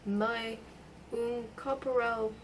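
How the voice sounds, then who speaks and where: A woman reading a novel aloud, putting on a blustering, rambling man with a high, hoarse voice and a strangely feminine manner. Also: steady tone, takes it slowly, recorded from a distance, a little hiss or hum. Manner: drawling, mocking, rambling. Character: fussy, blustering middle-aged man in a fog.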